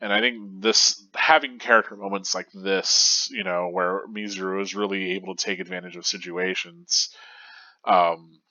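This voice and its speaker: A man's voice: sits low, fairly even intonation, normal speed, bright, forceful tone, no room sound. A young man with a stuffy nose talking through a manga chapter in a casual, rambling way, full of fillers and restarts. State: stuffy and congested. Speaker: manga review host. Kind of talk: casual analysis monologue.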